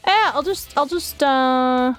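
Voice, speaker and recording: A young woman streaming live, chatting casually to her viewers, giggly and gushing, swearing now and then while she thinks out loud. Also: high-pitched, slow, faint music behind. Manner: thinks aloud while searching on her computer. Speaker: art streamer.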